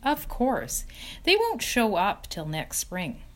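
A woman voicing a wise female spider in a storybook reading, speaking in a weak, tired, gentle voice that slips toward a whisper. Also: medium pitch, wildly swooping pitch, slow pace. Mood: weary. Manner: gentle, quiet, slipping to a whisper.

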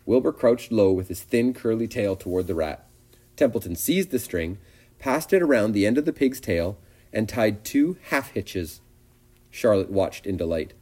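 Reading a children's storybook aloud, a man with a lowish voice narrates expressively and with animation at a normal speed.

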